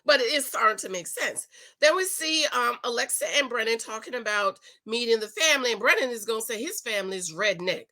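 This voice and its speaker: Lively high-voiced woman recapping a show. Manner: animated, gossipy, mimics cast members in quick asides. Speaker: reality show recap host. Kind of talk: casual commentary and recap.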